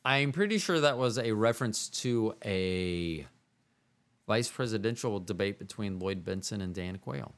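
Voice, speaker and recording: A man hosts his own show solo and talks casually in a loose, rambling way. His pitch swings widely as he jokes at his own expense. He drifts from one aside to another. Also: expressive, normal speed. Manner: rambling, self-mocking, jumps between voices. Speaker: podcast host. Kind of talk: casual solo podcast monologue.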